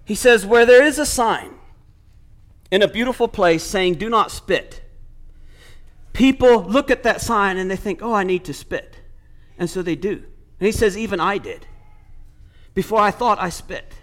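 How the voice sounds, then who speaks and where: A man's voice: sits high, a little slow, pauses often, a bit bright. A man preaching a sermon, retelling a story with quoted speech and building to emphatic points.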